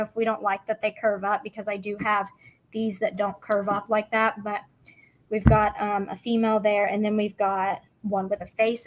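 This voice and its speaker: A woman's voice: fairly high pitch, a bit bright. A young woman chatting casually and bubbly on a craft livestream, rambling with many fillers.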